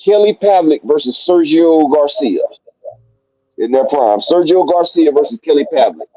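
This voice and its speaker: A man hosting a casual boxing talk stream, profane and excitable as he rattles off dream fights. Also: on the high side, normal speed, no echo, dull audio. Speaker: boxing talk show host. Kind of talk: casual live stream banter.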